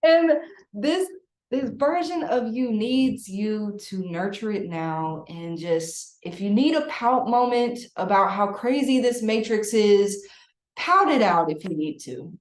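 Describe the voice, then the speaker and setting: A woman's voice: mid-range voice, expressive, slow. A woman energy healer guiding a client through a spiritual session in a playful, laughing way. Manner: playful, laughing, breathy coaching. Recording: roomy echo.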